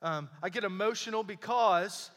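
A young pastor delivers a sermon in a high, bright voice. He preaches conversationally and hammers points home with repetition. His voice rings out in a reverberant church hall. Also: moderate pace. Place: church sanctuary.

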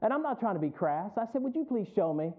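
A man's voice: high-pitched, big pitch swings, fast. A male pastor preaching a sermon, rising in emphasis and calling out to the congregation for responses. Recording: tinny phone-like sound.

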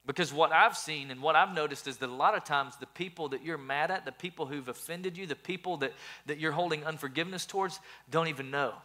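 A man's voice: a little high, quick pace, hardly any pauses, pushed and bright. A male pastor preaching a sermon earnestly, often repeating words as he builds his points.

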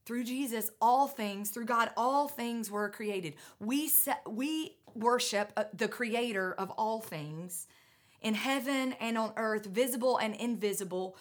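A woman delivers a sermon in a somewhat high voice, winded and short of breath. She preaches earnestly and emphatically, rising to loud urging and dropping to hushed, near-whispered lines. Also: slow pace.

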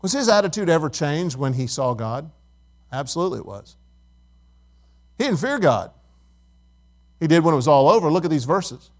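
Pastor, middle-aged man with a high voice, conversational preaching that questions the congregation. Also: sing-song, normal speed, pauses often. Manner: conversational, asks the congregation questions, tells stories. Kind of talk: sermon.

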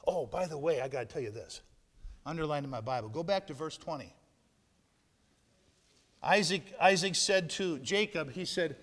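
A man preaching a sermon, retelling a Bible story with lively shifts between loud narration and hushed asides. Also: fairly high pitch, moderate pace, pauses often. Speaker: pastor. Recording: long hall reverb.

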